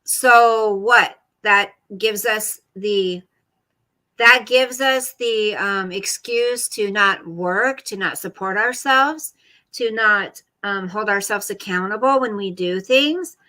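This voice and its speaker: This livestream host talks from her home room, rambling bluntly to both her chat and her pet. She speaks slowly in a mid-range voice with a sharp tone, captured on a rough recording.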